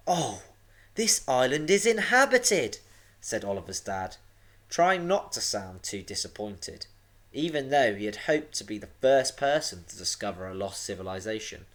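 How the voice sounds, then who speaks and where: A man, a teacher, reading a storybook aloud to young pupils with a dramatic, expressive delivery. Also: on the low side. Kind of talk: storybook read-aloud for children.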